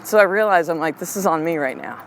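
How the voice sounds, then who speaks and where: A middle-aged woman with a fairly low voice tells a personal story as a podcast host. She talks candidly and with feeling, easing into soft, slow affirmations. A faint hum sits under the recording. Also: lively intonation, rough recording. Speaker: podcast host and life coach.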